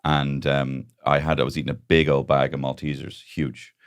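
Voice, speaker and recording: A man's voice: extremely low pitch, level tone, normal speed, clean tone, no room sound. An Irish man co-hosting a podcast, telling rambling comic stories with frequent laughs. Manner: rambling storyteller, laughs often. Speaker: podcast co-host. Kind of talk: casual comedic chat.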